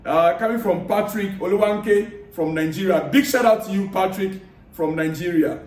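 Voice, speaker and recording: A man vlogging about football news, chatting casually and giving friendly, repetitive shout-outs while reading viewer comments aloud. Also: sits high, normal speed. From Africa. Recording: echoey room, distant mic.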